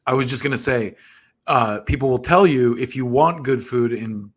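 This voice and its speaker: A man's voice: mid-range voice, moderate pace. A man in the middle of his range hosts a live talk show with an easygoing, joking manner. He rambles a little and laughs at his own asides, keeping the chat loose and friendly. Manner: laid-back, joking, rambling. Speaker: podcast host. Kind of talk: casual live-stream chat.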